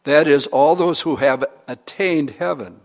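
A man's voice: fairly high pitch, a little slow. A pastor preaching a sermon in a conversational, humorous way, acting out examples as he goes. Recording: reverberant hall.

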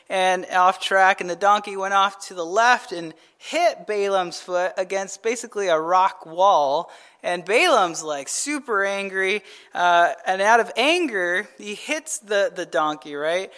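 A male pastor gives a conversational Bible teaching, retelling scripture in a casual, animated manner. His high-pitched voice is clear and resonant, and he keeps checking in with "right?"

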